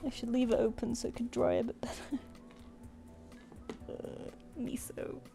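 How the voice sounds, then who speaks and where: A woman's voice: a little high, little pitch movement, a little slow, vocal fry, dark tone, faint music behind. A woman chatting casually as she draws on a live stream, rambling and muttering to herself between thoughts. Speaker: artist livestreamer. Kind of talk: casual chat while drawing. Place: home room.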